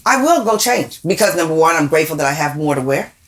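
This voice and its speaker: Woman, low voice, podcast co-host, emphatic, pointed questions. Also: expressive, quick pace. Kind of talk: casual conversation.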